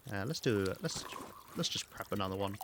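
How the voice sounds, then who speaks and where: Low-voiced British man thinking aloud. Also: expressive, moderate pace, noisy background. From Britain. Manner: rambling, thinking aloud with many ums and restarts. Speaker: game streamer. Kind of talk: live gameplay commentary.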